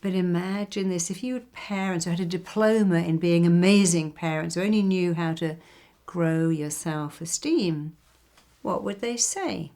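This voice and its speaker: Older woman, from England, therapist, guided self-help talk, low-ish voice, acts out quoted voices. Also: moderate pace, warm tone. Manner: acts out quoted critics and cheerleaders.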